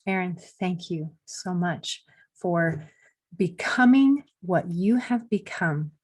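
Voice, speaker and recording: A woman hosting a podcast, speaking slowly as she thanks her guest. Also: lowish voice, animated, darkish tone, husky, low-quality recording. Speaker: podcast host. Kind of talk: casual interview.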